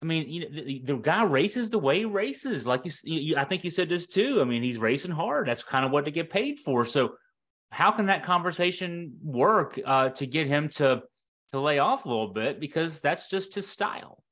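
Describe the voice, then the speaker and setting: A man's voice: on the high side, lively intonation, moderate pace, a bit bright. A man hosting an interview, asking loose, conversational questions and correcting himself as he goes. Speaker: podcast host. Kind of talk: casual interview chat.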